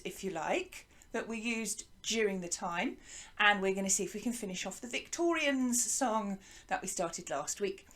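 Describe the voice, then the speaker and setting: A woman teaching an online music lesson to children, lively and encouraging, leading call-and-response from a hut. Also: fairly high pitch. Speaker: primary school music teacher. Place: garden hut.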